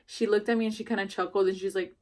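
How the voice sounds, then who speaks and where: A woman's voice: mid-range voice, steady tone, rapid-fire. Young woman, new mom, casual storyteller, chatty and rambling, lots of filler words. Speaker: new mother telling her birth story.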